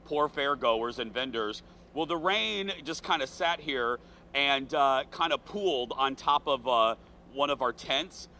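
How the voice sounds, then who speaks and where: A man from the American South hosting a morning TV show outdoors at a fair, earnest and emotional, speaking slowly. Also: mid-range voice, bright, forceful tone, a little hiss or hum. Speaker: TV show host. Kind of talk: morning TV chat. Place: outdoor state fair set.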